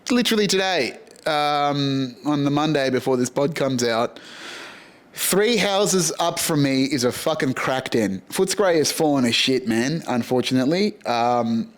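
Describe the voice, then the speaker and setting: A man's voice: mid-range voice, animated, a little slow. A man with an Australian accent hosting a podcast, rambling through a casual, sweary monologue and laughing at his own jokes. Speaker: podcast host.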